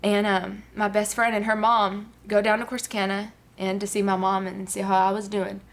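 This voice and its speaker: A woman's voice: mid-range voice, level tone, moderate pace. A woman, a guest giving an earnest personal testimony with many fillers. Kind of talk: personal testimony on a talk show.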